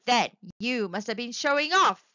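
A woman voicing a calm, firm mother dragon in a storybook read-aloud. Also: fairly high pitch, normal speed, no room sound, dull audio. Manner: matter-of-fact and firm.

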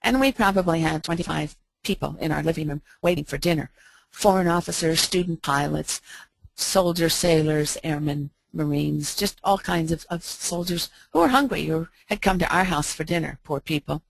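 Middle-aged American woman, low-pitched, gentle reflective storyteller, dry close sound. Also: creaky, no room sound. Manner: gentle, slow, reflective with soft pauses. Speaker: speaker. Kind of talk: heartfelt storytelling talk.

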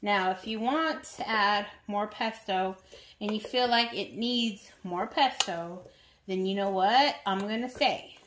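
A woman's voice: medium pitch, noisy background. A woman vlogger chatting casually to viewers while cooking in her home kitchen. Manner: chatty, talks straight to viewers.

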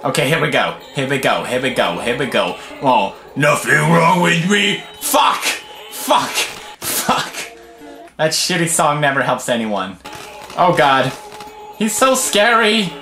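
A young Swedish-accented man rages through a video game, dropping into low mutters and breaking out in high, wild yells. His voice is bright and sharp and swings all over the place. It sits in an echoey room with faint music underneath. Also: very animated, takes it slowly. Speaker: gaming video host. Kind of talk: gameplay commentary.

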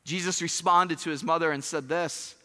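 An animated male pastor preaching in a large church hall, his voice high and bright. He plays out little dialogues and throws questions at the crowd, with a long reverb trailing every line. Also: moderate pace. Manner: animated, acts out quoted dialogue, asks the congregation questions. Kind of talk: sermon.

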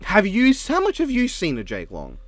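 A man's voice: high voice, huge pitch swings, moderate pace, fairly bright tone, no room sound. A man chatting casually as a co-host, joking, swearing freely and laughing often. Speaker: co-host ranking show intros. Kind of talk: casual podcast chat.

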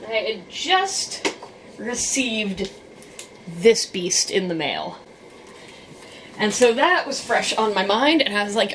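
A woman vlogging, telling a rambling story in a casual, animated way with sarcastic asides. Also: mid-range voice, takes it slowly, pauses often, slight background noise. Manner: animated, sarcastic asides, quotes people in voices.

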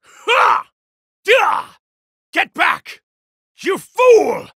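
A cold, self-righteous god of judgment who sneers at mortals in a gravelly, bright-edged voice. His lines crawl out slowly, dropping to low contempt and leaping to strained battle shouts. Recorded dry and close, like a game's studio voice lines. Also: huge pitch swings, dry recording, heavily acted. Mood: wrathful. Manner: haughty, contemptuous, grandiose. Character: arrogant evil god in a hero's body, male. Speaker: video game character. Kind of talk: game voice lines.

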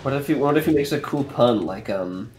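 A man's voice: mid-range voice, animated, fairly quick, darkish tone. A young man reading an AI-written story aloud with a friend, making puns and laughing often. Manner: laughs a lot, punny, playful readings.

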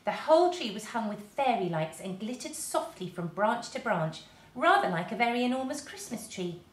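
A woman, a teacher, reading a children's storybook aloud to her class in a lively, expressive way. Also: a little high, normal speed. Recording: roomy echo.

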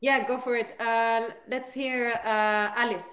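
A high-voiced woman leads a chanting class on a video call, speaking slowly and patiently. She encourages her students and sings each line herself before they try it. Her voice has an echoey room sound. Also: level tone, a bit bright. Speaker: chanting teacher. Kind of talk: online group chanting lesson.

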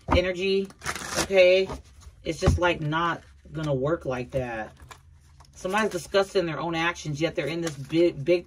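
Blunt chatty tarot reader, noisy recording. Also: medium pitch. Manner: chatty, repeats herself, addresses viewers as a collective; blunt, occasional swearing. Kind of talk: casual tarot reading monologue.

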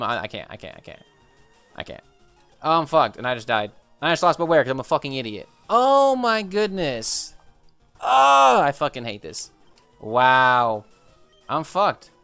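A man's voice: mid-range voice, fairly quick, pushed and bright, smooth, dry recording, faint music behind. A young man streaming a video game, reacting with frustrated outbursts, swearing and repeated exclamations as things go wrong. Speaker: gaming streamer. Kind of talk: reactive gameplay commentary.

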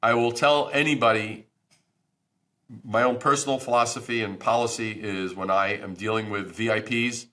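Blunt, bright-voiced man guest. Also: on the low side, fairly even intonation, normal speed. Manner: blunt and emphatic, swears freely. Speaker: branding expert guest. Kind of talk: podcast interview.

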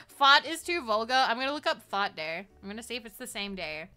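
A woman's voice: on the high side, sing-song, fairly quick, sharp tone, clear, resonant tone. A woman streaming a game, chatting casually, giggling often and swearing freely. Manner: giggly, swears a lot, bursts into shrieking laughter. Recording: faint music behind.

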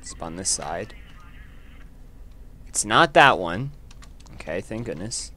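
A man giving casual commentary over his own gameplay, chatty and quick to exclaim when things go wrong. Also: low-pitched, expressive, sharp tone, a little hiss or hum. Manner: chatty, easily frustrated, exclaims at setbacks.

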